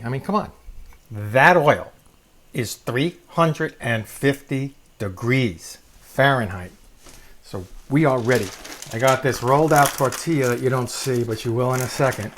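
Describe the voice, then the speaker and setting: A man's voice: mid-range voice, a little hiss or hum. Joking guy walking you thru a recipe in his kitchen, mid voice, pans clinking faintly. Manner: jokey, chatty, talks to the viewer. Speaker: cooking show host. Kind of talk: casual cooking demonstration. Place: home kitchen.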